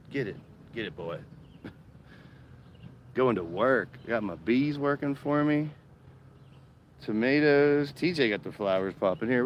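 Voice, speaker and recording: Chatty excited guy walking his backyard garden on a live stream. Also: on the low side, slight background noise. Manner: excitable, chatty, cheering bees on. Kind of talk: casual live-stream chat. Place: outdoor home garden.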